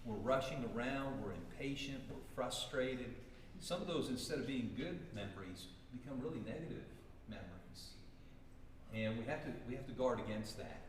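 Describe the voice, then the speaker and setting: A man's voice: medium pitch, animated, normal speed, a little hiss or hum. Earnest man teaching in an echoey church hall. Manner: earnest, self-deprecating, repeats words when starting. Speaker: Bible class teacher. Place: church classroom. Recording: echoey hall, mic from far off.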